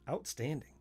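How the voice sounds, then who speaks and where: Folksy Southern man thinking aloud. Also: a little mellow. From born in southern Florida, family from Missouri. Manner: folksy and self-mocking, thinks aloud, chuckles often. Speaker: livestream host taking apart a joystick. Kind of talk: casual livestream commentary while working.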